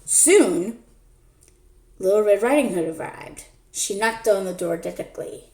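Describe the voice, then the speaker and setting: A woman tells a story in a playful, unhurried way, taking her time over every line. Her voice rings around an echoey room. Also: mid-range voice, expressive, warm tone. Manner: slow, playful narration. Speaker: storyteller and channel host. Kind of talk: casual storytelling.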